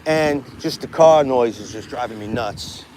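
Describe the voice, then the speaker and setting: A man's voice: mid-range voice, measured pace, a little mellow, slight background noise. Brash, profane man with a New York accent. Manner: brash, profane, rambling street talk. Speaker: vlogger doing a live stream. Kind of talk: casual live-stream chat outdoors. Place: outdoors by a pond near traffic.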